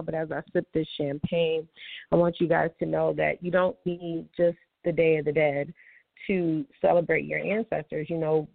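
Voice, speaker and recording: A woman's voice: low-pitched, creaky, no room sound. A woman hosting a casual monologue, talking bluntly and heatedly, with some rambling. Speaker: show host. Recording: tinny phone-like, dry sound.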